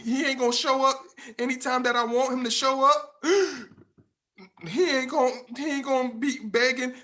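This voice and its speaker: A high, gasping, whiny woman, as a man mocks her in a put-on voice. She sounds overdone and shrill. Each phrase comes out on a sharp little gasp. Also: normal speed. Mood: mocking. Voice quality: high, breathy gasps between phrases.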